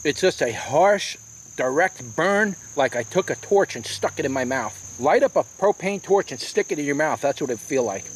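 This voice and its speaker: A man's voice: a little high, animated, moderate pace, husky. Chatty man reviewing peppers in a garden. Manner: chatty, exclaims and coughs from the heat. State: hiccuping, burning mouth. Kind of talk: casual garden video review. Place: outdoor garden.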